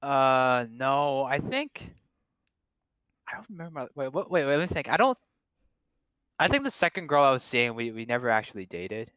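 A man's voice: mid-range voice, big pitch swings, moderate pace, pauses often, bright, forceful tone, clear, resonant tone, dry recording. A young man chatting casually about his past relationships, joking and rambling with many fillers and restarts. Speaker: guest.

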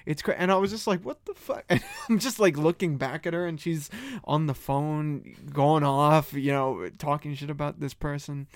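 A man co-hosting a podcast, telling stories in an animated way, laughing often and acting out what people said. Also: a little high, normal speed, no room sound, clean studio sound. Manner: animated storytelling, laughs often, acts out quotes. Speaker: podcast co-host. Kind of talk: casual chat.

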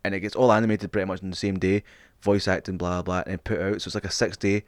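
A man's voice: deep voice, little pitch movement, quick pace, no room sound, clean studio sound. A man co-hosting a podcast in casual chat, swearing freely and laughing often. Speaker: podcast co-host.

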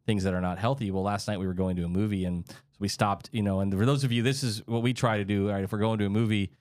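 Middle-aged male host, deep-ish and dry, loose conversational chat with lots of restarts. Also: fairly even intonation, quick pace, a little mellow, dry recording. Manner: chatty, repeats words while searching for thoughts. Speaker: podcast host. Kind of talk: casual interview chat.

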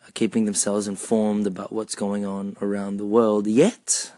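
A man giving a personal monologue, asking repeated rhetorical questions in a measured, deliberate way. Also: fairly low pitch, level tone, mellow, dry recording.

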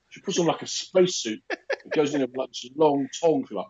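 A man's voice: fairly high pitch, lively intonation, moderate pace, a little mellow. A man in casual podcast chat, telling jokey stories and mimicking other people. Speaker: podcast co-host. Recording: slightly dull, lo-fi.

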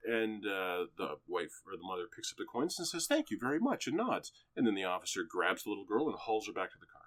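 A man in a casual chat, excitedly and profanely retelling the opening of a film. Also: deep voice, fairly quick. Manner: animated, excitable, profane storytelling.

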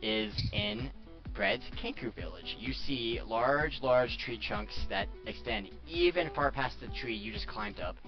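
A man narrates a tabletop game as game master, swinging his pitch widely and laughing often. His voice is gravelly, heard through dull lo-fi audio over faint background music. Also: big pitch swings, unhurried.

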